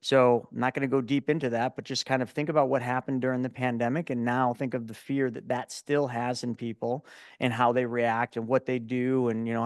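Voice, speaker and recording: A man in his forties, a guest in an interview, telling stories in a lively, casual way and often repeating words as he starts a thought. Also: mid-range voice, dry recording, studio quality. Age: 40s. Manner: animated storyteller, repeats words when starting.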